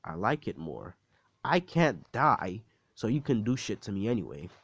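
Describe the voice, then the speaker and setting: A man's voice: fairly low pitch, big pitch swings, normal speed, a bit bright, slightly rough, no room sound, highs cut off, exaggerated voice. Man doing a cocky, crude young hero. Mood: taunting. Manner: crude, taunting. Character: cocky defiant young male superhero.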